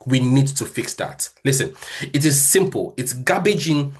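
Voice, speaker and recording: Nigerian guy giving a motivational church talk, slight stutter, talks fast sometimes, yoruba is his first language. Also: medium pitch, animated, breathy edge. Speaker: speaker at a church session.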